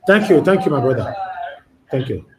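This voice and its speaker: A man's voice: a little high, sing-song, a little mellow, slight background noise. Man hosting a call-in show. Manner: brisk, thanks callers and moves on. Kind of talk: live call-in talk.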